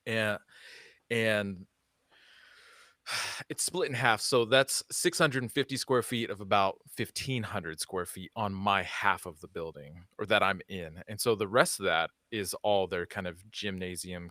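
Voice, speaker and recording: A man's voice: low voice, sharp tone, no room sound, clean studio sound. A man on a podcast call, talking casually and hesitantly with fillers. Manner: hesitant, fills with uh and trails off. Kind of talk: casual chat.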